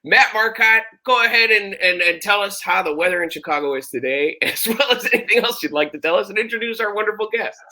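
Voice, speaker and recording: A man's voice: sits high, fairly quick, hardly any pauses, sharp tone. A man co-hosting a webinar in a lighthearted casual way. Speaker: co-host.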